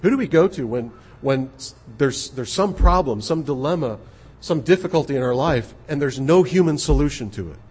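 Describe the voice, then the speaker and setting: A man preaching an expository sermon, earnest and measured, often repeating his words. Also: medium pitch, expressive, a little mellow, breathy edge. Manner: earnest, measured, with frequent repetitions.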